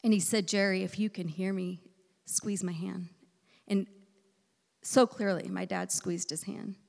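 A woman preaching a sermon in a church, telling a personal story, moving between loud emphasis and hushed near-whispers. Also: mid-range voice, fairly even intonation, a little slow, gravelly. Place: church sanctuary. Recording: echoey hall reverb.

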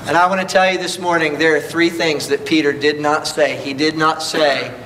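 A man's voice: on the high side, steady tone, moderate pace, a bit bright, a little hiss or hum, low-quality recording. A man preaching a sermon at a church service, emphatic and full of rhetorical questions.

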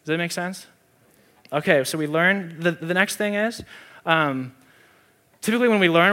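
A man with a fairly high voice preaching to his congregation. He teaches and tells a personal story in a relaxed, conversational way, rising and falling in volume as he speaks. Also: normal speed, long pauses. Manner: conversational storytelling, shifting from loud to soft. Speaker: pastor. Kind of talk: sermon.

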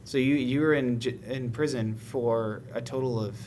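A man's voice: medium pitch, steady tone, normal speed, background noise. A man who interviews a guest, attentive and asking short follow-up questions.

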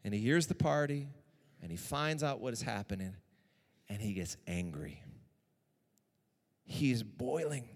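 A man preaching a sermon in an animated way, often repeating lines for emphasis. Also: medium pitch, moderate pace, long pauses, long reverb tail.

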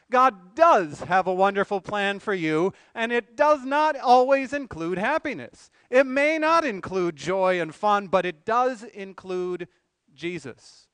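Preaching earnestly, a man poses rhetorical questions and rises to emphatic swells in an animated, measured delivery. His smooth, resonant voice sits high for a man and sounds a bit bright, captured in a dry recording with no room sound.

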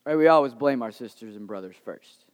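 A man preaching a sermon in a conversational, animated storytelling way. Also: medium pitch, a little fast. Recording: reverberant hall.

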